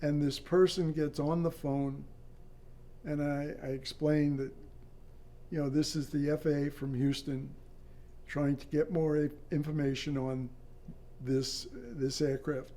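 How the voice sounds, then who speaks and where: An older man, a former air traffic controller, recounting a personal story in an interview, halting and matter-of-fact. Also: fairly high pitch, flat delivery, mellow.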